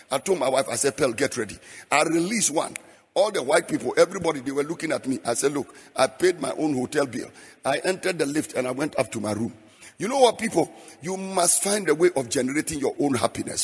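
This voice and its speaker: A man's voice: on the high side, fairly bright tone, slightly rough. A middle-aged man preaching a sermon in a rhythmic, half-sung style. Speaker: pastor. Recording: long hall reverb, faint music behind.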